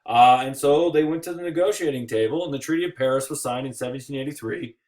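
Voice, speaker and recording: A man giving a recorded history lecture over slides, casual and joking, with playful asides and quick put-on voices. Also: medium pitch, darkish tone. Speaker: history teacher.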